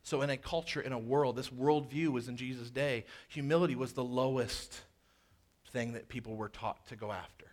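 A man preaching a sermon in an animated way, with jokey asides and quoted voices that he acts out. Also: medium pitch, moderate pace. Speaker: pastor.

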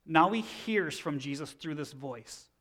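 A man's voice: a little high, lively intonation, measured pace, fairly bright tone. A man in his thirties preaching a sermon in a conversational teaching manner, often restarting phrases. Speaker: pastor.

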